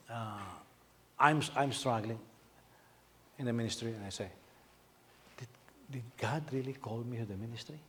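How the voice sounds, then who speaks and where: Animated preaching man, repeating himself. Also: medium pitch. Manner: animated preaching with many repetitions and rhetorical questions. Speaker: pastor. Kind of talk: sermon.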